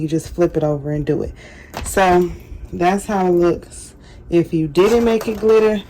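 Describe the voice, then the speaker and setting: A woman's voice: fairly low pitch, mellow. A chatty woman walks viewers through a casual craft tutorial. She talks loosely, pokes fun at herself and apologizes often, with faint room noise in the background. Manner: chatty, apologetic, self-deprecating. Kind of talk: casual how-to demonstration.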